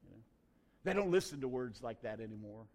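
A pastor preaching a sermon in a folksy, conversational way, telling a personal story. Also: male voice, medium pitch, lively intonation, a little fast.

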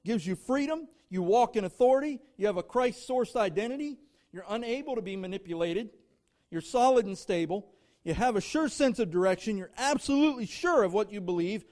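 A man's voice: high-pitched, expressive, moderate pace, darkish tone. A man preaching a sermon as a guest speaker to a church congregation. He speaks emphatically, drives his points home in rhythmic lists of short phrases and talks straight to the listeners.

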